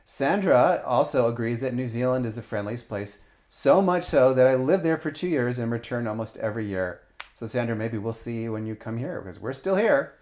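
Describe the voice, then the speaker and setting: A man's voice: mid-range voice, animated, a little fast, a little mellow. A man hosting a casual travel podcast, reading listener comments aloud and chatting with his family. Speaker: podcast host.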